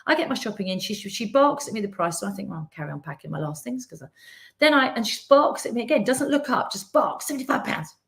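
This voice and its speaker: Woman, middle-aged, coaching-style live talk. Lively storytelling, voices the people she quotes. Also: mid-range voice, fast, vocal fry. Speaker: business coach. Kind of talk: live-streamed business talk.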